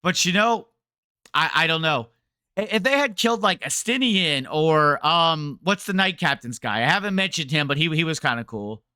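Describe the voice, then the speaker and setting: A man's voice: fairly high pitch, lively intonation, moderate pace, bright, forceful tone, smooth, no room sound, clean studio sound. A man streaming a game, ranting to his chat in a rambling, sarcastic way. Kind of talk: casual game rant to chat.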